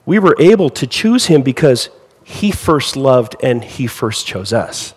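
A man preaching a sermon with lively rhetorical questions to his congregation. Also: medium pitch, measured pace, breathy edge, big-room sound, low-quality recording. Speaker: pastor.

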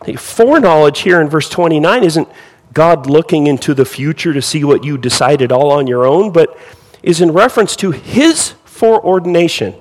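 A man preaching a sermon with lively rhetorical questions to his congregation. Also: a little high, normal speed, long reverb tail, rough recording. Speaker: pastor.

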